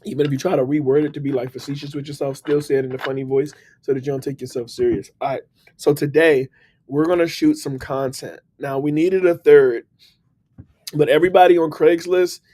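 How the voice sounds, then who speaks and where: A man hosting a casual motivational live stream, upbeat and slangy, giving shout-outs to his viewers. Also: a little high, steady tone, a little fast, slight background noise. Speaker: livestream host. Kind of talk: casual motivational livestream talk.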